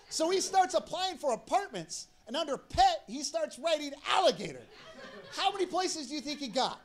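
A man's voice: very high voice, big pitch swings, a little fast. A man telling a rambling, profane story on stage as a stand-up comedian.

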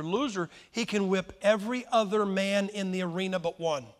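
An American man preaching a sermon, telling stories with lively emphasis and sudden swings between loud and quiet. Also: high-pitched, brisk. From United States. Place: church hall with a crowd. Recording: long reverb from a large hall.

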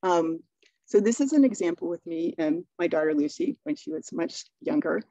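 A middle-aged woman from Maine gives a talk, telling stories casually and acting out dialogue. Her voice is mellow and warm. The sound is dry and a little dull. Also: fairly low pitch, big pitch swings, normal speed, gravelly, no room sound. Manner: chatty storytelling, acting out dialogue. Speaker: speaker. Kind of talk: webinar talk.

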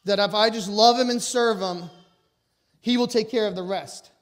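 A middle-aged man with a notably high voice delivers a motivational talk before a live audience. He speaks loud and emphatic, pushing his personal stories hard. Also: normal speed.

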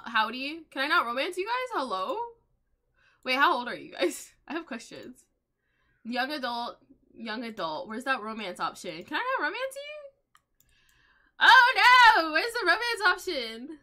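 Bright excitable young woman gamer. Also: on the high side. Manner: excitable, chatty, gasps and laughs often. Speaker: gaming channel host. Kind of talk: casual gameplay commentary.

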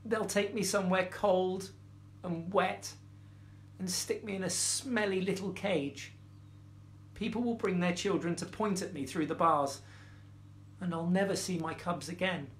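A man voicing a proud, fierce lioness with booming, mocking laughter in a bedtime storybook reading. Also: lively intonation, a bit bright, a little hiss or hum, full character voice. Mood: despairing. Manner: drawn-out theatrical scorn.

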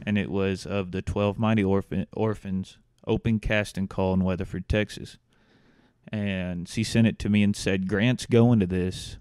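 A man's voice: sits low, fairly even intonation, normal speed, a little mellow, clean tone, no room sound, studio quality. A young man, an actor guest, telling his story in a casual, easygoing interview chat. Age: young adult.

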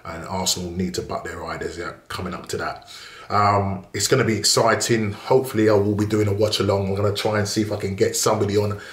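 A man's voice: lowish voice, flat delivery, fast, echoey room. A man hosting a casual football match preview, chatty and rambling with many fillers and restarts. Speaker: football channel host.

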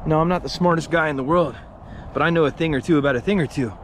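A man in his thirties vlogging outdoors in the woods, rambling, joking and swearing, getting excited over finds. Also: on the high side, fast talker, noisy background. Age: 30s. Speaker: paranormal explorer vlogger. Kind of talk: casual outdoor vlog.

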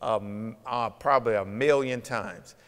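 A man's voice: on the low side, unhurried, fairly bright tone, smooth. A man preaching a sermon as pastor, emphatic and conversational, with many rhetorical questions, recorded in a church sanctuary. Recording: long reverb of a church hall.

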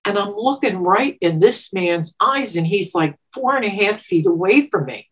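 A woman in her seventies telling a personal story in an interview, animated, laughing often and getting emotional with halting restarts. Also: slightly rough. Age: 70s. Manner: animated, laughs often, acts out quotes with sudden pitch jumps. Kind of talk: storytelling, recounting a personal memory.

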